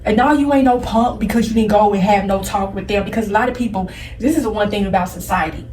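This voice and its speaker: Emotional and tearful, a woman gives blunt spiritual advice straight to viewers, preachy and repetitive. Her medium-pitched, slightly mellow voice moves at a quick pace, recorded roomy and far from the mic, with slight background noise.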